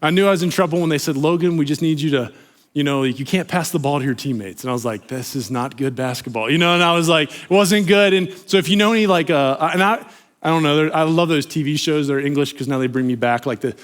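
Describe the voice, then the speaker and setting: A young American man preaching a sermon as a pastor, telling a personal story in a lively, animated way and acting out the voices he quotes, with lots of "you know" and "like". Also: fairly high pitch, fast. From United States.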